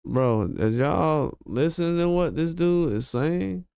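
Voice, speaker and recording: A man's voice: fairly high pitch, lively intonation, slow, vocal fry, a little mellow, clean tone, dry recording, studio quality. A man hosting a commentary video, ranting in a heated, slangy, emphatic way and repeating his points. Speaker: commentary channel host. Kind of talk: casual commentary rant.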